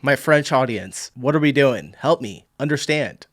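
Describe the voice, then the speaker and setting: A man's voice: mid-range voice, animated, measured pace, no room sound, clean studio sound. Chatty American man reacting to clips. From United States. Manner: chatty and laughing, thinks out loud. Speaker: reaction video host. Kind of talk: casual reaction commentary.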